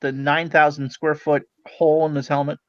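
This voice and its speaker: Man, casual chat, dry wry remarks, higher pitch, dull lo-fi sound. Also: level tone, moderate pace, no echo. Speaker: regular guest.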